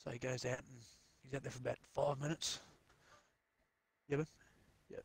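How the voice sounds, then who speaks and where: Swearing gamer telling a joke. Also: male voice, medium pitch, level tone, normal speed, creaky, slightly rough, no room sound. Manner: swears freely, rambling storyteller. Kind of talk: casual joke telling over voice chat.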